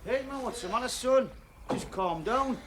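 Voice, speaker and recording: Chatty northeastern bloke. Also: male voice, very high-pitched, lively intonation, normal speed, noisy background. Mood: coaxing. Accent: Northeast English. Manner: coaxing, chatty, full of "man" and "eh". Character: friendly northeastern working man visiting a patient. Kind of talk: television drama acting.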